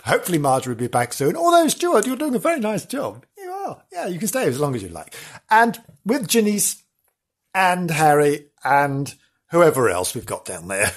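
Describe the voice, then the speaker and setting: A man's voice: fairly high pitch, wildly swooping pitch, moderate pace. A man signing off his podcast as host, chatty and self-mocking. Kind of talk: casual podcast sign-off.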